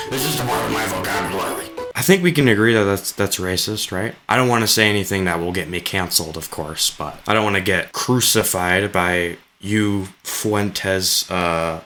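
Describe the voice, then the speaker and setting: A man's voice: fairly low pitch, sharp tone. A man giving sarcastic, rambling reaction commentary on video clips and swearing freely.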